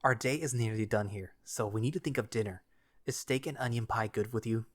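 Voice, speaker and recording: A man's voice: lowish voice, fairly quick, no echo, studio quality, lightly acted. A man voicing a terse black wolf butcher. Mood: calm. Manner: terse, reluctant, clipped replies.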